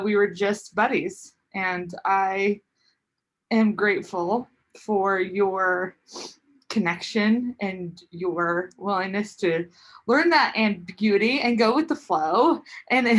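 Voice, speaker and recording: A teacher, a woman, giving a heartfelt, halting farewell to a student on a video call, searching for her words. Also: medium pitch, fairly bright tone.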